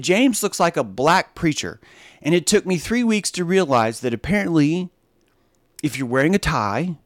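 A man hosting a live stream in a loose, rambling monologue, his slightly high voice leaping all over the place as he moves from muttered asides to sarcastic outbursts. The sound is dry and close, with no room around it. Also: no room sound. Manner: animated, sarcastic, swings from mutters to exclamations.

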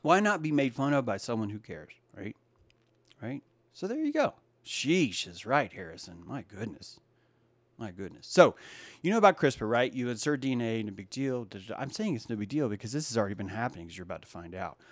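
A man hosting a casual livestream talk show, swinging between loud, mocking rants and low, muttered asides while greeting chat viewers by name. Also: sing-song, brisk, no echo. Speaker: livestream podcast host.

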